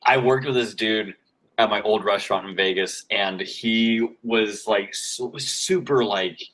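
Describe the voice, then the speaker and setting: A man's voice: fairly low pitch, unhurried, fairly bright tone, rough recording. A man co-hosting a podcast, telling stories in casual, rambling, profane chat full of fillers. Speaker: podcast co-host. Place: worked in Vegas.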